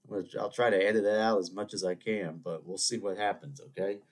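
A man's voice: sits low, fairly even intonation, fast talker. A man hosting a solo podcast, sniffly from a cold, chatting in a rambling, digressive way with joking asides to his listeners. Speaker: podcast host.

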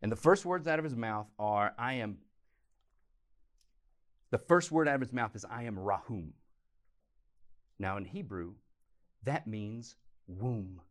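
A man preaching a teaching sermon, animated, swinging from loud emphasis to quiet, intense moments. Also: lowish voice, normal speed. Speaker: pastor.

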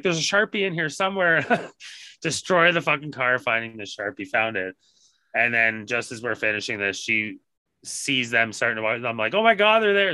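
Man, podcast co-host, very bright forceful voice, casual swearing storyteller, dry close sound. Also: medium pitch, no echo. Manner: swears constantly, animated retelling.

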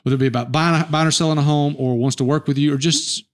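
A middle-aged podcast host conducts a casual interview, telling stories in loose, rambling sentences that keep restarting. He sounds relaxed, with a rather high voice and a quick pace.

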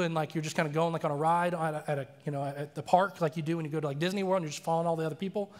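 Guy preaching, telling a story, acts out voices, laughs a lot, slightly high voice, big echoey church. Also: rapid-fire. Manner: animated, acts out quoted voices, laughs often. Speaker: pastor. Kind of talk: storytelling sermon. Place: church sanctuary. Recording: long reverb of a large church hall.

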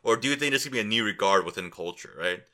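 A man's voice: on the low side, expressive, rapid-fire, pushed and bright. A young man hosting a podcast alone, tired and rambling, joking crudely and thinking aloud as he looks things up. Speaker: podcast host. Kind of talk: rambling solo podcast chat.

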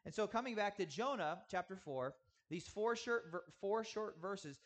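Man, 30s, pastor delivering a sermon; slightly high voice, earnest and emphatic. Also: lively intonation. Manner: earnest, emphatic with slow drawn-out stresses. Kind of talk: sermon teaching.

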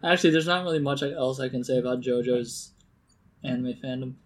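A man's voice: mid-range voice, fairly quick. A man co-hosting a podcast, chatting casually and laughing easily, with many fillers. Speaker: podcast co-host. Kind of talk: casual chat.

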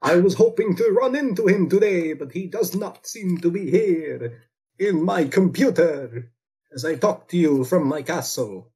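A man's voice: high-pitched, animated, measured pace, warm tone, rough recording. A man putting on a pompous, melodramatic vampire count for a comedy podcast, speaking over a remote computer call. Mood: bossy, melodramatic. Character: theatrical male vampire count, grandiose and bossy. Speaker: guest. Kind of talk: comedic podcast role-play.

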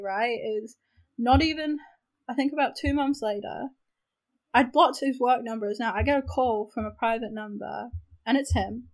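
A woman's voice: a little high, low-quality recording. Frank, chatty New Zealand woman storyteller. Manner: frank, animated storyteller, swears casually and fills with "like". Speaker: podcast co-host. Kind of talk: casual storytelling chat.

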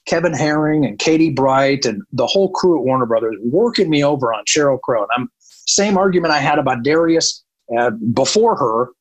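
A man from the northern United States, a radio programmer, telling a candid, animated story in casual chat and swearing freely. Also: a little high, slightly rough, poor audio.

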